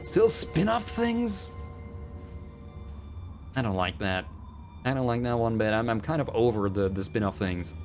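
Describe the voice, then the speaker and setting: A man's voice: medium pitch, animated, unhurried, pauses often, a little mellow, soft background music. Sarcastic male game streamer. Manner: sarcastic, chatty asides. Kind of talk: live gameplay commentary.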